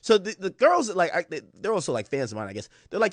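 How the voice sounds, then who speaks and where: A man casually telling a long story to his stream viewers, acting out quotes in a lower voice. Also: quick pace, dry recording. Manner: animated, recounts quotes in lower voice. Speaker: commentator.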